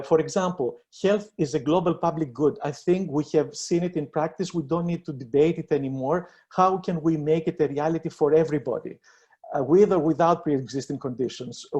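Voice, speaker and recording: Man, online debate presentation, slightly high pitch, mellow tone, earnest, halting. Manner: earnest, halting, many fillers and restarts. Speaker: panelist presenting a proposal.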